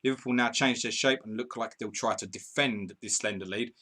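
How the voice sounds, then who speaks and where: Chatty bright-voiced male stream host. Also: medium pitch, brisk. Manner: chatty, banters with viewers, laughs often. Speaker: podcast host. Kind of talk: live stream commentary reading chat.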